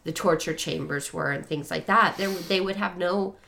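Chatty woman with a lowish voice. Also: normal speed, vocal fry, a little hiss or hum. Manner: rambling, self-correcting, animated. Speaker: podcast co-host. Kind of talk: casual book discussion.

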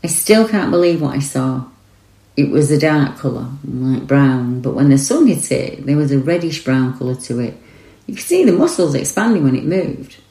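A woman voicing a shaken eyewitness who retells a forest encounter in the first person, earnest and rushed. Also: rumbling low, animated, creaky, mellow, reverberant, full character voice, poor audio.

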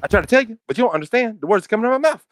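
A squeaky, excited comic voice pushed well above its natural range, strained and ranting, as a tall man puts it on. The sound sits dry and close on the mic with no room around it. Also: very fast, no room sound. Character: impression of a famous male comedian, squeaky and excited.

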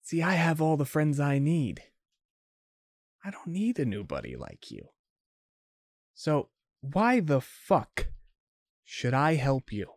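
A man's voice: fairly low pitch, sing-song, measured pace, no room sound, studio quality. A man voicing a brash female vampire gang leader who taunts and swears crudely. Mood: taunting.

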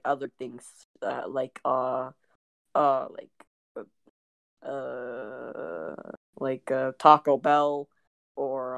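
Brief: deep-voiced woman, loose chatty podcast host, dry close sound. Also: vocal fry, dry recording. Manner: rambling, lots of fillers and giggles. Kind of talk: casual chat.

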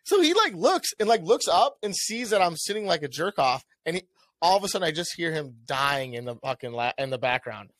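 A young man co-hosting a podcast, telling a story in casual chat. He swears a lot and acts out what he said with a rising, animated voice. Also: on the high side, a little fast, dry recording. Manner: animated, swears often, acts out his own lines with a rising voice. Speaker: podcast co-host.

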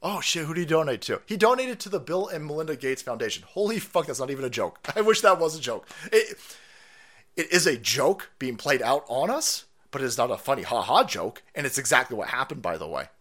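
Animated, foul-mouthed man ranting. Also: medium pitch, fairly quick. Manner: swearing, sarcastic, laughing, mocking clips. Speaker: streamer host. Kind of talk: profane political rant stream. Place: California.

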